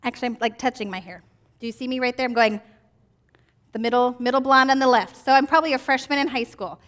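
A woman's voice: a little high, fast talker, fairly bright tone. A woman in her forties giving a children's church lesson, upbeat and quizzing the kids with questions. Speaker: children's ministry teacher.

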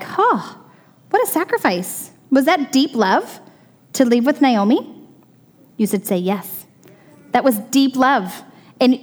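A middle-aged woman teaching a Bible story to children in a lively way, stopping to ask the kids questions. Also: high-pitched. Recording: long reverb of a large room.

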